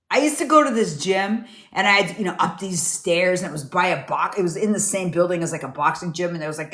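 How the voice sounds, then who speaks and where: Female host, middle-aged, loose chatty livestream talk, phone mic, some room echo. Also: medium pitch. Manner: chatty, rambling, laughs easily. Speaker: live stream host. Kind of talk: casual live chat with viewers.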